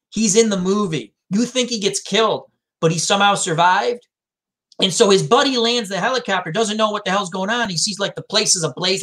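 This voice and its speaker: A man's voice: high voice, bright, forceful tone. A man chatting casually, animatedly retelling movie scenes and acting out the lines. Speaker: co-host. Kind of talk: casual chat.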